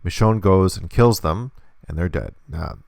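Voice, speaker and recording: A man with a low, gravelly voice walks through a hands-on demonstration lesson. He explains patiently and step by step, and the recording sounds close and dry. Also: expressive, measured pace, darkish tone, no echo. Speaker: instructor.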